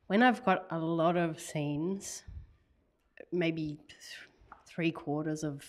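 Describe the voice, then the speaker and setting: Low-voiced woman telling a story. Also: takes it slowly. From Australia. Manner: animated storyteller, laughs often, acts out quoted messages. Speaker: author guest. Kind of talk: casual conversational interview.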